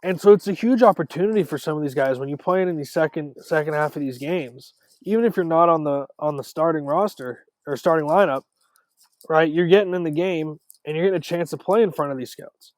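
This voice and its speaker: A man talking as a podcast guest in casual chat, animated, with quick runs of words and restarts. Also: fairly high pitch, dry recording. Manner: animated, talks in quick runs with repeated starts. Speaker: podcast guest, former college ballplayer.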